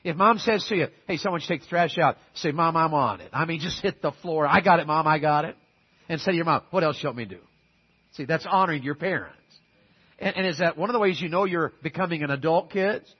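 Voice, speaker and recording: Talking fast in a fairly high, slightly rough voice, a middle-aged male pastor preaches with homespun stories and forceful urging. The audio is dull.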